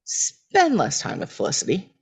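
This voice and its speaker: A woman doing a quick, matter-of-fact impression of a blunt male therapist in casual podcast chat. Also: medium pitch, huge pitch swings, vocal fry, breathy edge, exaggerated voice.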